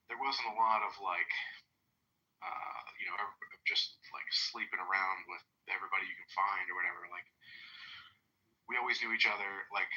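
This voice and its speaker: A man's voice: low-pitched, sharp tone, highs cut off. A man talking casually on a podcast, making blunt, crude remarks.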